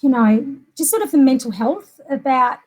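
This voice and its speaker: A woman's voice: high voice, expressive, moderate pace. A middle-aged Australian woman talking in a chatty, rambling way with many fillers in a casual conversation. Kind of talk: casual chat.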